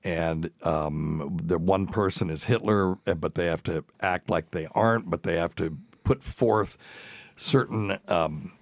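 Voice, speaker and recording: A man's voice: deep voice, unhurried, no room sound. A male doctor hosting a podcast, chatting casually with fillers and frequent laughter. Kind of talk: casual chat.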